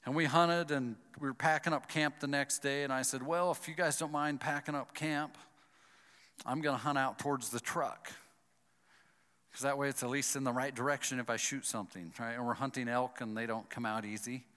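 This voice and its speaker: In a smooth, mid-range voice at normal speed, a man shares a personal story that ends in a moral. He brings it to life by acting out his inner thoughts, and a long hall reverb colors the recording.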